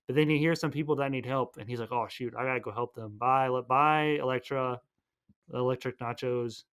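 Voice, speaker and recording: A man casually retelling a movie plot as a podcast host, rambling and playful, tossing in quick voices for each character. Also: mid-range voice, steady tone, a bit bright, clear, resonant tone.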